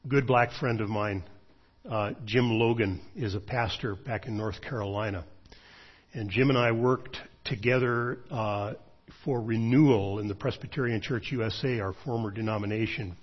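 A middle-aged man, a pastor, preaching a sermon in a measured storytelling way, pausing often with fillers. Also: on the low side, husky. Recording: dull lo-fi sermon recording.

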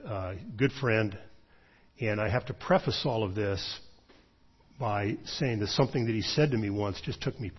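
A middle-aged man, a pastor, preaching a sermon in a measured storytelling way, pausing often with fillers. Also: lowish voice, husky. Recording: dull lo-fi sermon recording.

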